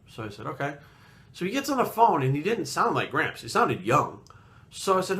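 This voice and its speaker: A man's voice: mid-range voice, sing-song, fast, bright, forceful tone. A man in his late thirties from Rhode Island, telling a personal story in a blunt, rambling way with lots of swearing. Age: late 30s. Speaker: fitness vlogger. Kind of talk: casual storytelling.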